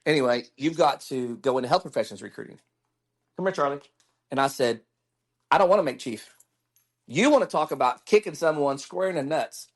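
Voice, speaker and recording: A man's voice: on the high side, animated, fairly quick, pauses often. A middle-aged man, candidly telling stories as a guest in a casual interview and acting out the dialogue he quotes.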